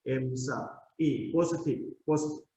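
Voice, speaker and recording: A man's voice: medium pitch, normal speed, mellow. A male university lecturer giving a lecture, explaining step by step and often checking in with "okay?". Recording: roomy, dull lecture recording.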